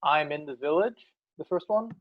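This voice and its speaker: Young male student, lively pitch, tentative, heard over a tinny phone-like connection. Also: moderate pace. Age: young adult. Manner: tentative questions.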